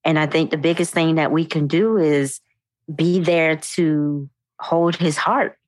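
A woman's voice: low-pitched, steady tone, a little slow, dry recording. A woman co-hosting a casual talk show, responding with frequent agreement and encouragement. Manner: warm affirming listener, frequent agreement. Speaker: podcast co-host. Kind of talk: casual chat.

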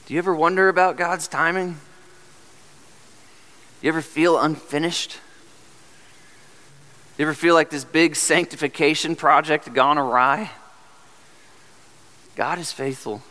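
A man's voice: fairly high pitch, fairly bright tone. A man preaching a sermon as pastor, earnest and direct, asking the congregation rhetorical questions. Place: church sanctuary. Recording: long hall reverb.

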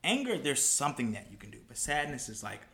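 A man's voice: medium pitch, fast, roomy sound. A man hosting a casual podcast chat, talking emphatically and animatedly. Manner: animated, emphatic, talks with "like" a lot. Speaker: podcast host.

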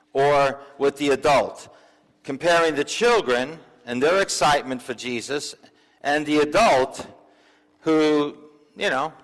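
A man's voice: mid-range voice, a bit bright. A male pastor preaching a sermon in a church, talking conversationally with asides and questions to the congregation. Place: church sanctuary. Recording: long reverb of a church hall.

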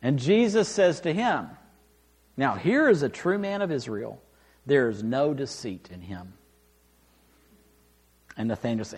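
A man preaching a sermon, reading scripture aloud and explaining it with emphatic, animated delivery. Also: medium pitch, a little slow, long pauses, breathy edge. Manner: animated, rising and falling for emphasis, acts out quoted lines.

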